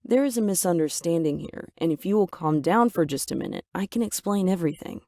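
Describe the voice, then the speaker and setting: Narrator doing a calm, wise mother. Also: mid-range voice, a little fast, no echo, clean studio sound, lightly acted. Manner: calm, soothing.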